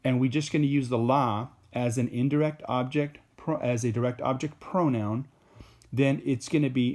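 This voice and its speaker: A man's voice: mid-range voice, steady tone, normal speed, darkish tone. Male Spanish teacher, easygoing patient lesson delivery. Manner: casual, explains patiently with many fillers and "okay?" checks. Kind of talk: recorded classroom lesson. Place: home or classroom, alone.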